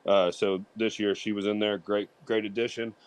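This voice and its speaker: A man's voice: on the low side, flat delivery, normal speed, smooth. A man co-hosting a casual sports talk show, rambling and restarting his sentences with lots of fillers. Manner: rambling, repeats himself with many fillers. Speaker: co-host.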